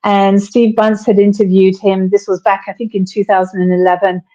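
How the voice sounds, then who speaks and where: A woman from Britain speaks as an interview guest, warmly reminiscing and telling stories. Her voice sounds mellow and soft-edged. The audio is a little muffled, as over a call. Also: mid-range voice, little pitch movement, normal speed. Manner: reminiscing, storytelling with quoted lines. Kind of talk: conversational interview.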